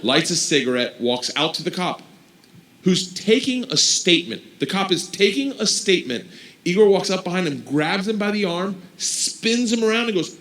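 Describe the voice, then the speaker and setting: A man telling a wild story as a stand-up comedian, animated and building to loud punchlines. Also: sits high, normal speed.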